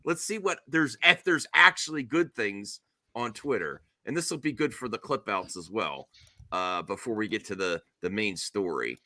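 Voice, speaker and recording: A middle-aged man hosting a casual podcast chat. He tells stories animatedly and slips into high squeals when mimicking others. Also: lively intonation, moderate pace, sharp tone, no room sound. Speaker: show host.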